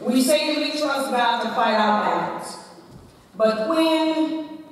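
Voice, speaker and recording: A woman preaches slowly and deliberately, leaning into dramatic emphasis as she tells a story. Her voice carries through a very echoey church hall with a long reverb. She sounds distant from the microphone, and a faint hum of the room sits underneath. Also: sits high. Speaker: church speaker. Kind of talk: women's day sermon. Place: church sanctuary.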